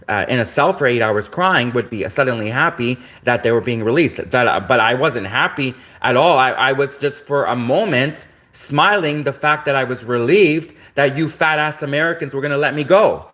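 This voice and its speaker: A man's voice: medium pitch, moderate pace, fairly bright tone. A man from Canada on a livestream, ranting in an agitated, repetitive, accusatory way. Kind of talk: livestream rant.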